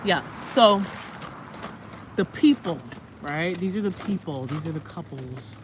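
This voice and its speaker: A woman rambles into her phone while walking a stroller outdoors, her lowish voice rising and falling widely at an unhurried pace. The recording is a noisy outdoor phone clip. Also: expressive. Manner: rambling, laughing, talks to her baby in a sing-song voice. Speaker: vlogger and artist. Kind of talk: casual walking vlog. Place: outdoors on a walk.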